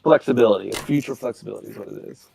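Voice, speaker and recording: Gravelly man explaining his game moves. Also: on the low side, racing, dark tone, a little hiss or hum. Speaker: co-host and player. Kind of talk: casual gameplay chat.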